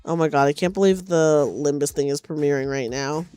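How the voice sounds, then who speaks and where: A woman streamer chatting casually while knitting at home, sleepy and low on energy, rambling and correcting herself as she goes. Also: fairly quick, mellow, clean tone, soft background music. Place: at home on a couch.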